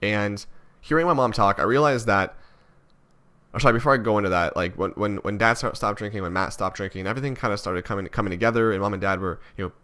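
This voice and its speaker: Young man, vlogger, from Canada, low-pitched, rambling, self-critical, many restarts. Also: fast talker, fairly bright tone. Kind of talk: reflective personal vlog.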